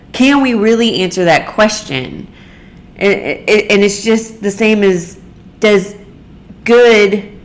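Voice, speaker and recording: A young adult woman hosting a solo talk, thinking aloud in an unhurried, searching way with many fillers and restarts. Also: fairly low pitch. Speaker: podcast host. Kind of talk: reflective solo monologue.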